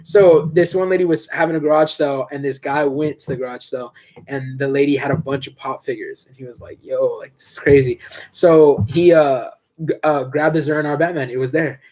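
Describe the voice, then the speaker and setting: A young man co-hosting a podcast, telling stories in a slangy, animated way. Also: a little high. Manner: fast, slangy, animated storyteller. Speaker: podcast co-host. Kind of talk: casual chat, storytelling.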